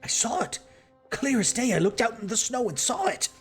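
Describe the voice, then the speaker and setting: A man voicing an excitable male crewman who speaks breathlessly and insistently. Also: a little high, moderate pace, faint music behind. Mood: excited insistent.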